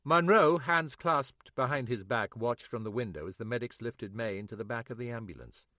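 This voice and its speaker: In a dry, studio-quality recording, a man reads a mystery audiobook from a script. His mid-range delivery stays steady and measured throughout.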